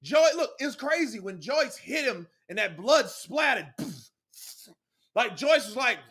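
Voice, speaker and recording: In a very high, husky voice, a man gives excitable live play-by-play of a boxing match. His casual commentary calls each punch quickly, with plenty of swearing.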